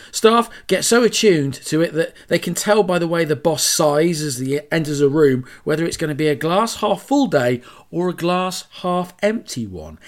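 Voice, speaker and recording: Male podcast host, slightly higher voice, chatty and emphatic, fond of asides. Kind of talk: solo podcast talk on branding.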